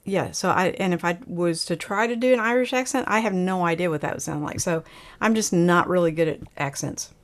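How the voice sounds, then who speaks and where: A woman's voice: fairly low pitch, brisk. Woman host, casual livestream chat, laughs easily, reads out the chat. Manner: chatty, laughs often, reads viewer comments aloud.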